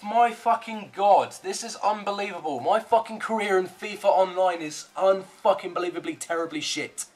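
A man with a somewhat high voice talks over his own online match as a gaming channel host. He rants and curses constantly, shouting at one moment and grumbling under his breath the next. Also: steady tone, fairly quick, hardly any pauses, a little hiss or hum. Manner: ranting, heavy swearing, swings between shouting and muttering. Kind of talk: live gameplay commentary.

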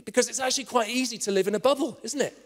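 A guest preacher with a very high, racing voice delivers a passionate sermon, urging listeners to get involved. He's impassioned throughout but drops to a hushed whisper at the story's climax, and the church hall around him is reverberant.

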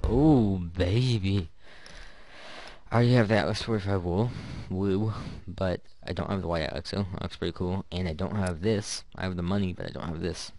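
A man's voice: sits low, fairly even intonation, fast talker, hardly any pauses, darkish tone, a little hiss or hum. A man giving rambling, joking commentary to himself while opening loot in a video game. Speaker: gaming YouTuber. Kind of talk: casual gameplay commentary.

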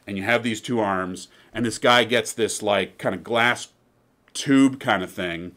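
A man's voice: fairly low pitch, measured pace, sharp tone. A man giving an informal lecture in a chatty, digressive way, often checking in with "right?".

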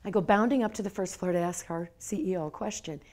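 A woman's voice: mid-range voice, fast, a little mellow. A woman in her fifties telling a personal story at a lecture, animatedly acting out the quoted dialogue. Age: 50s. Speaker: lecture speaker. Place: lecture hall.

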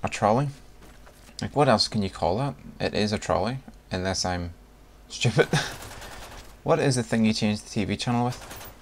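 A man's voice: lowish voice, lively intonation, normal speed, a little hiss or hum. A young man from Northern Ireland with a Northern Irish accent, chatting casually and reading a word list aloud for a video. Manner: chatty, laughs between lines, reads words aloud one by one. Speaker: vlogger.

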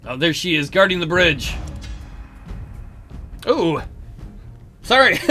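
A man hosting a let's play, chatting casually and cracking jokes as he reads the game text. His voice is high and very bright, with animated swings in pitch. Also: moderate pace, long pauses, faint music behind. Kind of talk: casual gameplay commentary.

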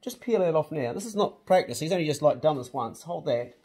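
Middle-aged kiwi bloke chatting away, husky mellow voice, swears a lot, pretty hyped. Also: male voice, a little high, fairly quick. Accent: New Zealand. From New Zealand. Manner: excitable, swears casually, says "man" and "bro". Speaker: channel host. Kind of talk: casual vlog chat.

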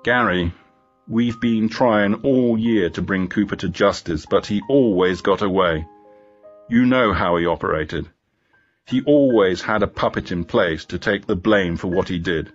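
A man reading the lines of a guarded, bitter female police inspector in a storybook, in a calm, low-key way. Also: measured pace, lo-fi sound, faint music behind, natural voice. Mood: confiding.

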